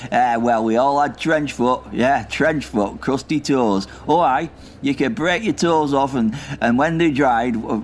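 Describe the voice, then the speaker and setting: A man voicing a rambling, crude old war veteran with a gruff Lancashire accent in a comedy audio drama. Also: medium pitch, darkish tone, slight background noise, close to an everyday voice. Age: older. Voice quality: gruff dialect-heavy rambling, confused and crude.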